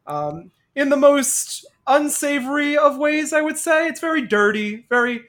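A woman's voice: sits high, expressive, unhurried, a bit bright. A woman in a casual movie discussion, joking and sarcastic, acting out lines from the film.

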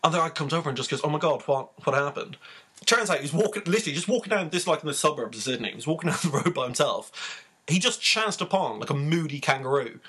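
A man co-hosting a podcast, telling funny news stories in a casual, animated way, laughing as he goes. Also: on the high side, fast talker, slightly rough. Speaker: podcast co-host. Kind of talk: casual storytelling chat.

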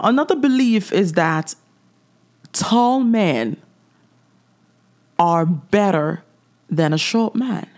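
Lowish-voiced woman preaching on a podcast. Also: darkish tone. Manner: preachy, direct, chuckling asides. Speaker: podcast host. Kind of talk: faith-based podcast talk.

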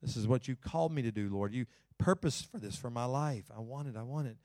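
A man's voice: mid-range voice, a little fast, dark tone, dry recording, close to an everyday voice. A preacher acting out a desperate barren woman praying. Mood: pleading. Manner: pleading, repetitive begging.

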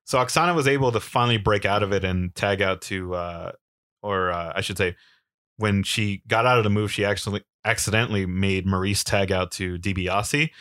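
A man's voice: fairly low pitch, fairly bright tone, no room sound, clean studio sound. A man co-hosting a casual podcast, chatting loosely and recapping a wrestling match. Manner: easygoing, rambling with fillers, quick laughs. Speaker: podcast co-host.

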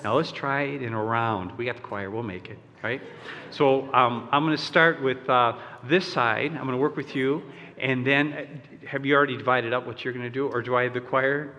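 A man's voice: medium pitch, normal speed, pushed and bright, dull audio. A male pastor preaching a sermon, talking in a loose, conversational way with fillers and asides, and leading his congregation in song. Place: church sanctuary. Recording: long church reverb.

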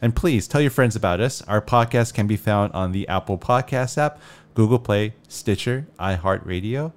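A man hosts a relaxed movie podcast in a smooth, resonant voice that sits a little low. He sounds upbeat and reads the show notices briskly. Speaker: podcast host. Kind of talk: casual movie podcast chat.

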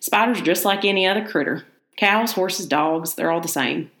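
A woman's voice: on the low side, normal speed, fairly bright tone, reverberant. A woman reading as a sly, taunting old spider breeder. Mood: boastful. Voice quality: taunting, mocking drawl.

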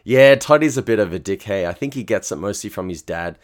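A man's voice: lowish voice, animated, fairly quick, close to an everyday voice. A playful young woman on a speed date, teasing and cursing lightly. She's told by a man retelling the story, his voice only a little raised. It stays casual and conversational. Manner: teasing, laughing, swears.

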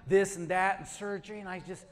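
A man preaching a sermon, telling stories and building to shouted calls to advance. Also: high voice, steady tone, fairly quick. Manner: storytelling, building to shouted exhortation. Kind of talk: sermon with storytelling.

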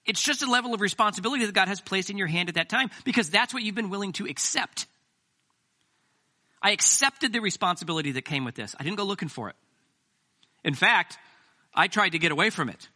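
A man's voice: sits high, expressive, brisk, sharp tone. A man preaching a sermon as pastor, talking conversationally with self-deprecating jokes.

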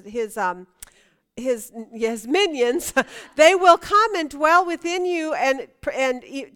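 A woman's voice: high voice, fairly bright tone, smooth. A woman teaching a Bible study class, chatty and emphatic, asking her students questions.

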